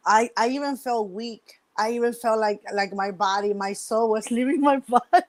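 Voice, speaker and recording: Middle-aged woman guest, animated storyteller, laughs a lot, acts out what people said. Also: fairly high pitch, moderate pace. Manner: lively storyteller, acts out quotes, laughs often. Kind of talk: casual podcast chat.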